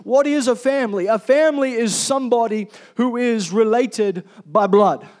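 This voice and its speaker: A male pastor preaching a sermon, swinging from loud emphatic calls to soft, quiet storytelling. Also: extremely high pitch, moderate pace.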